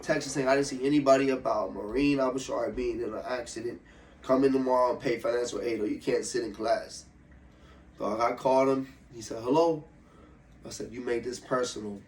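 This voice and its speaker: A man's voice: medium pitch, fairly quick, reverberant. Profane young man telling a life story. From Ohio. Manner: loose, profane, animated storytelling. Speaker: interview guest, MMA fighter. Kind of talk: casual storytelling interview. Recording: slightly distant mic with faint room noise.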